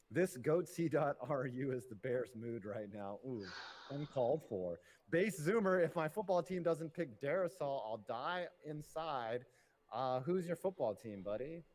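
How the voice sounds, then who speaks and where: A man's voice: mid-range voice, darkish tone. Jokey man reading donations on stream. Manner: loose and jokey, laughing between reads. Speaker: host. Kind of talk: casual livestream chat, reading donations aloud.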